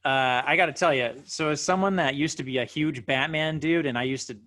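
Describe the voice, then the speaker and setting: A man's voice: a little high, fairly quick, pushed and bright, dry recording. A man co-hosting a podcast who eagerly asks the guest questions in a chatty way. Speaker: podcast co-host. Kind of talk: casual interview questions.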